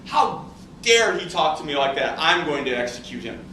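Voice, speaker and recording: A man's voice: on the high side, big pitch swings, moderate pace, bright, forceful tone, slight background noise. A man voicing an angry, commanding emperor in a story he tells to a class. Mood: cold. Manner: commanding, menacing. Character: cold, furious male emperor. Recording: echoey classroom, distant mic.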